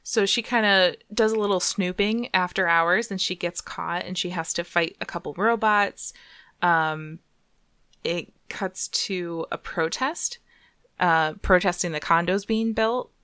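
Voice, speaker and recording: A woman's voice: on the low side, a little slow, sharp tone, clear, resonant tone, no room sound. A young woman hosting a casual chat, talking loosely with lots of fillers and frequent giggles. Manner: chatty, giggly, many fillers.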